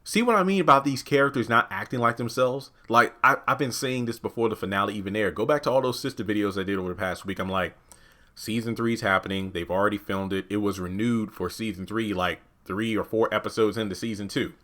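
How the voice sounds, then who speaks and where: A man's voice: quick pace, bright, forceful tone. Exasperated man ranting a TV review. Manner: exasperated, ranting, swears freely; jumps into quoted lines with raised pitch. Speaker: TV show reviewer. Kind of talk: casual TV episode review.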